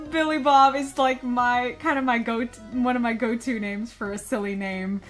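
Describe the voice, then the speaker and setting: A woman's voice: fairly high pitch, a little slow, fairly bright tone, faint music behind. A woman streamer giving casual, playful commentary on a game and giggling often.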